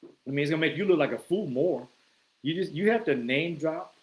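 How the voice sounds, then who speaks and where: Man, slightly high voice, casual storytelling, swears freely, acts out his reactions. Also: animated, fairly quick, poor audio. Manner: loose, conversational, swears freely; acts out his own reactions in quoted asides. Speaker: vlogger.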